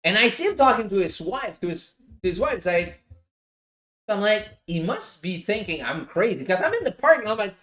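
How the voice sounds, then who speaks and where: A man hosting a casual livestream from his home office, telling a lively story and swearing freely. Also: sits high, brisk. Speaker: livestream host.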